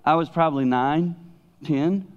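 A middle-aged man preaching a sermon in a conversational storytelling way. He drops to hushed tones to stress a point. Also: on the high side, measured pace, lo-fi sound. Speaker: pastor and speaker.

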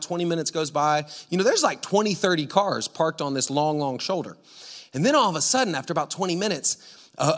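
A male pastor telling an animated, laughing story during a sermon. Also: a little high, big-room sound.

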